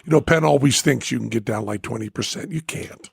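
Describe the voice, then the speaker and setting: A calm, matter-of-fact man, as a storyteller puts him on, waving off a friend's worry. The voice drops low and quiet, gravelly and a little husky. It is recorded close and dry. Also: brisk, no echo, heavily acted. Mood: dismissive.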